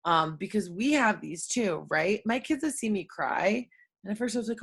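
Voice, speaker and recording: A woman's voice: mid-range voice, animated, moderate pace, gravelly, fairly bright tone, husky. A woman in her thirties talking casually to her viewers, chatty and open, with lots of fillers and tag questions. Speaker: host. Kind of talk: casual talk to camera.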